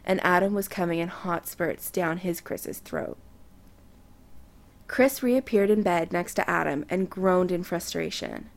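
A woman narrates romance fiction aloud in a soft, intimate way. Her fairly low voice has a gravelly, creaky texture.

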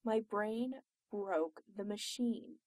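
Brash sarcastic young woman, read by a woman, lively pitch, dry sound. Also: a little slow, no room sound, exaggerated voice. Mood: earnest. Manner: loud, sarcastic, exclaiming. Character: brash excitable young woman, loud and blunt.

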